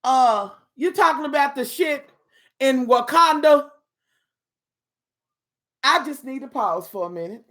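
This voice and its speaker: A woman's voice: sits high, lively intonation, unhurried, pauses often, fairly bright tone. A woman hosting a casual live stream, chatting in a sassy, bawdy way with laughing asides to her viewers.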